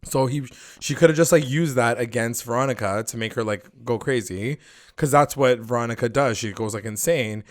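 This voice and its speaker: A man co-hosting a podcast, recapping a TV episode in loose, profane casual chat, acting out the characters' lines in quick put-on voices. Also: mid-range voice, no room sound, clean studio sound. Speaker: podcast co-host.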